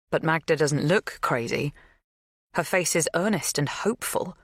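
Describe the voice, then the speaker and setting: A woman reading a thriller audiobook in measured, scripted first-person narration. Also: sits low, no room sound, clean studio sound.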